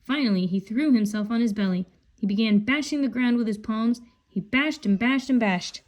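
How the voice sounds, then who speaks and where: A woman reading a children's book aloud in a calm, unhurried voice. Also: fairly high pitch. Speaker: storybook reader.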